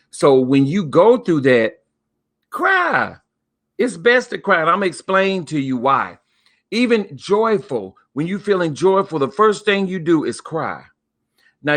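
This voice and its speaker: A man's voice: medium pitch, a bit bright. A man hosting a live stream, talking in a folksy, preachy way, stretching out words for emphasis. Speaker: host. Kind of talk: casual live-stream talk.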